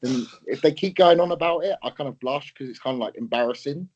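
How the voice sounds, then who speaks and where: A man and bodybuilder co-hosting a casual podcast, telling stories in an earnest, soft-spoken way. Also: a little high, fast, lo-fi sound. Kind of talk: casual chat.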